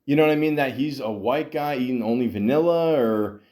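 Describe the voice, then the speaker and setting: A man's voice: medium pitch, fairly quick, darkish tone. A middle-aged Canadian man hosting a podcast, rambling through hockey talk with lots of swearing, fillers and restarts. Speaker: podcast host.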